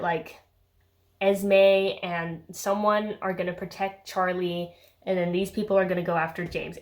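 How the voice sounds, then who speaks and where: Sarcastic young woman chatting about books. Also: fairly low pitch. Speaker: book vlogger. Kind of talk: casual chat.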